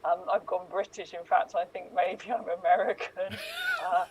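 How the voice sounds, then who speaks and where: A woman's voice: lowish voice, normal speed, husky, rough recording. A woman improvising a down-on-his-luck fried chicken boss trying to sell vegan chicken, rambling and self-mocking. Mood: pleading. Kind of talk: improv comedy scene.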